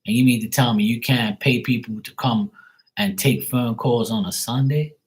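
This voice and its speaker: Chatting with viewers during his tarot livestream, a man launches into a long, casual rant full of irritation and profanity. He speaks at a normal speed in a medium-pitched, slightly rough voice, and the audio quality is poor.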